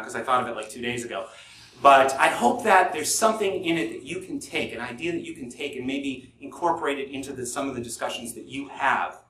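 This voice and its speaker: A man's voice: mid-range voice, animated, brisk, pushed and bright. A man giving a live talk at a forum, earnest and thinking aloud with restarts. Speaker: podcast host giving a talk. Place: conference room at a forum. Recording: echoey room, distant mic, faint hiss.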